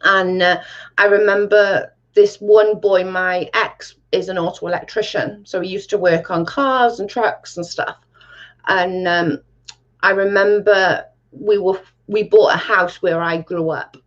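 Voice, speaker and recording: A woman's voice: mid-range voice, fairly even intonation, unhurried, fairly bright tone. A woman hosting a casual livestream and reading chat. She talks bluntly, swears freely and says "like" a lot. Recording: dull lo-fi sound.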